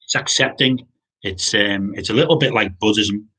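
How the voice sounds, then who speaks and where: A man giving an informal sermon, halting with many restarts and repeated words. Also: fairly low pitch, sharp tone, slightly rough. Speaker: pastor.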